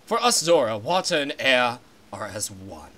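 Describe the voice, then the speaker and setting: A man's voice: medium pitch, sing-song, a little slow, fairly bright tone, pitched below the performer's own voice. A man voicing an old fish-man king in a comedic game voice-over, solemn and formal. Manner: solemn, formal, archaic speech.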